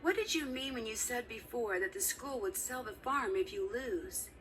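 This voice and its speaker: A woman's voice: fairly high pitch, normal speed, a bit bright, far from the mic, soft background music, natural voice. A woman playing an eager young detective. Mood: earnest. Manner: polite, earnest and upbeat. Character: eager young female detective, undercover intern. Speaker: game character.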